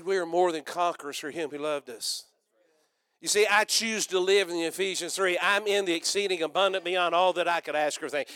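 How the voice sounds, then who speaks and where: An older man preaching a sermon, rousing and loud, calling out to the congregation. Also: high-pitched, no room sound, clean studio sound. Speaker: pastor.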